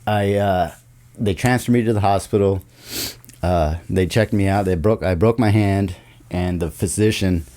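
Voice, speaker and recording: A man talking as a podcast guest in a studio, telling a story in casual, profane, animated chat. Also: low-pitched. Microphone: studio podcast mic.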